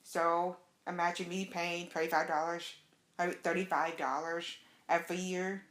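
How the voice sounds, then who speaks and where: A young adult woman telling a casual, excited story as a vlogger, acting out the quotes. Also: fairly low pitch, moderate pace, roomy sound. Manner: chatty, excited, acts out quotes.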